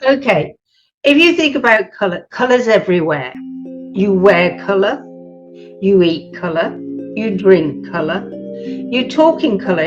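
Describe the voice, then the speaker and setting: A woman's voice: medium pitch, very animated, measured pace, pauses often, soft background music. A middle-aged woman from the United Kingdom answering an interviewer, telling her story animatedly and acting out the voices of the people in it. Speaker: guest. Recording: muffled, lo-fi audio.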